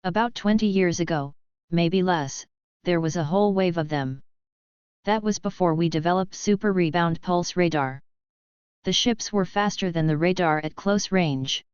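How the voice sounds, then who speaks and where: A woman voicing a calm, commanding middle-aged male space captain. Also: fairly low pitch, moderate pace, smooth, no room sound, muffled recording, close to an everyday voice.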